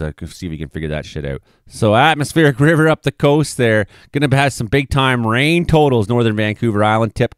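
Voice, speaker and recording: A man's voice: medium pitch, clear, resonant tone, no echo, clean studio sound. A man giving a casual, rambling weather forecast, with sarcastic asides and plenty of swearing. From British Columbia, Canada. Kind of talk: casual forecast commentary over weather maps.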